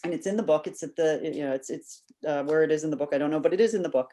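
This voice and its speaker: Mellow-voiced woman telling a story. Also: deep voice, very fast. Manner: animated storyteller who acts out quoted voices. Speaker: podcast guest, biographer. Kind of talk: casual interview storytelling.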